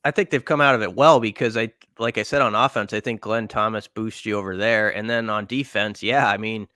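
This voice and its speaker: A man's voice: lowish voice, steady tone, brisk, pushed and bright, dry recording, clean studio sound. A man co-hosting a sports podcast, giving casual analysis while thinking aloud with lots of fillers. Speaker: podcast co-host.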